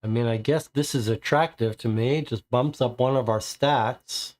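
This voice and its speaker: A man's voice: mid-range voice, moderate pace, darkish tone. A man streaming a solo board game, reading card text aloud and working through his options to himself. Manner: deliberating, muttering options to himself.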